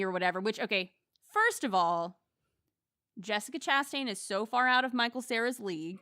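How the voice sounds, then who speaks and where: Chatty young woman, bright and crisp. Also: mid-range voice, moderate pace, no echo, studio quality. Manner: chatty, many fillers and restarts. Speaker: podcast co-host. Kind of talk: casual movie review chat.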